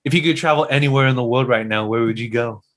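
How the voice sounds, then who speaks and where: A young man co-hosting a casual podcast, asking quick questions in a playful, teasing way. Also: medium pitch, fairly bright tone. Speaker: podcast co-host.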